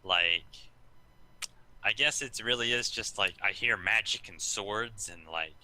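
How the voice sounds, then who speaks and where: Sharp-voiced, hesitant podcast man. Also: on the low side, unhurried, dry recording, rough recording. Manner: hesitant, full of ums and likes. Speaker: podcast co-host. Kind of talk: casual chat.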